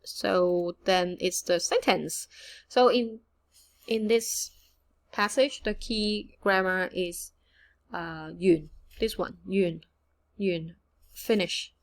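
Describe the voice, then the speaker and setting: A woman teaching a casual online language lesson, chatty and relaxed, mixing English and with frequent fillers. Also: lowish voice, slow pace. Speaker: Cantonese teacher.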